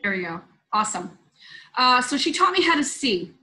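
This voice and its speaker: A woman's voice: sits high, sing-song, moderate pace, sharp tone, low-quality recording. A woman hosting a spiritual roundtable over a video call, telling a story in an earnest, loose, conversational way. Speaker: host.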